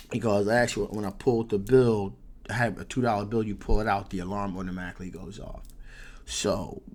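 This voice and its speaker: A man hosting his channel, telling a personal story in a casual, animated way, swearing freely. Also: fairly low pitch, a little hiss or hum. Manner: animated, profane, laughs through the story. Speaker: tarot reader and channel host.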